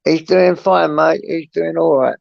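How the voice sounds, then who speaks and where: A man's voice: fairly high pitch, flat delivery, measured pace, gravelly, no echo. An older man chatting casually in an online voice call, talking plainly and bluntly. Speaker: caller in a voice chat. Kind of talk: casual chat. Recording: dull lo-fi online call audio.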